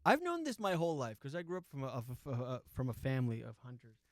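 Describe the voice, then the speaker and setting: A man's voice: mid-range voice, wildly swooping pitch, fast talker, no room sound, studio quality. Rambling, laughing comedian in his forties. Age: 40s. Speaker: host. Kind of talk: comedic storytelling chat.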